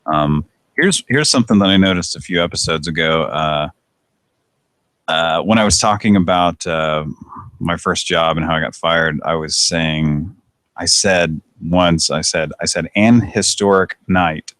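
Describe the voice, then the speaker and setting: A man's voice: low-pitched, a little slow, a bit bright, dry recording. A man hosting a casual call-in chat show, rambling, correcting himself and swearing. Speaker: host. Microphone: internet call.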